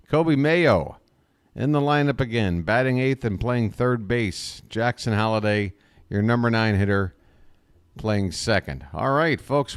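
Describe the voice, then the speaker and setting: Chatty fan commentator, dry close mic. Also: male voice, mid-range voice, smooth, dry recording. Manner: chatty, self-deprecating, addresses chat directly. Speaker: fan play-by-play streamer. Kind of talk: live fan play-by-play commentary. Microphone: close desk microphone.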